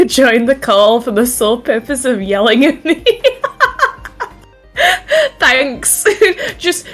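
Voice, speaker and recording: A young woman with a high voice talks slowly as an interview guest on a voice call, faint music playing behind her. Giggly and lively, she laughs often and swears now and then in this casual online chat.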